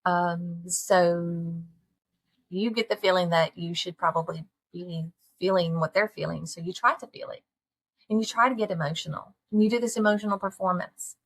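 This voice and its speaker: A middle-aged woman talks straight to her listeners, earnest and folksy. Her voice sits on the low side and has a husky grain, and she keeps asking her audience direct questions. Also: fairly even intonation, moderate pace. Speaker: podcast host. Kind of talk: candid solo talk to listeners.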